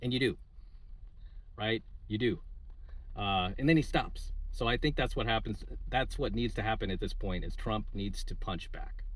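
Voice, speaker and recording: A man's voice: lowish voice, moderate pace. A man hosting his channel, ranting indignantly in casual talk and tagging lines with "right?". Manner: indignant, repeats "right?" and fills with "uh" and "like". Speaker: channel host giving coaching videos. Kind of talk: casual political rant to camera.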